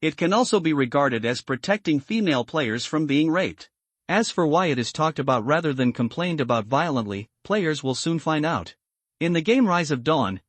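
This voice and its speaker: A man narrates a translated comic story recap in a steady, even way. His voice sits on the high side, and the recording is dry.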